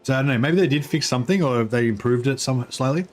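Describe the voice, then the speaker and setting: A man giving casual, rambling commentary on his strategy game livestream, halting and talking while eating. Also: mid-range voice. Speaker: streamer.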